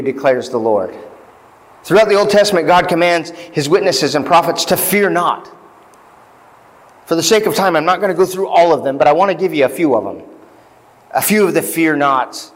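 Male pastor, conversational sermon, slightly high voice, long church reverb. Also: animated, moderate pace. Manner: conversational preaching with fillers and asides; reads scripture aloud with rising emphasis. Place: church sanctuary.

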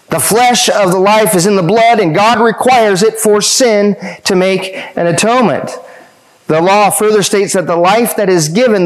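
A man with a fairly high voice delivers a sermon. He drives each point home with rhetorical questions and repeated phrases, rising in pitch as he presses them. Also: poor audio. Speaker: pastor.

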